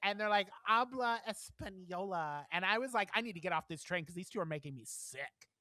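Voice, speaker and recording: Bright-voiced animated male podcast storyteller. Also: high voice, fast talker, no echo. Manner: animated storyteller, acts out quotes, laughs often. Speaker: podcast co-host. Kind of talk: casual chat, storytelling.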